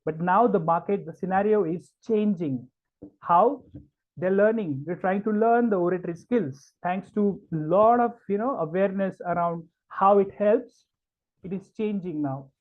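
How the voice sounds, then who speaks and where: A man from India leading an online public speaking workshop, stressing words slowly and filling pauses with "uh" and "um". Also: high voice. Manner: emphatic, stretches key words, many fillers. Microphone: video call. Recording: tinny call-like audio.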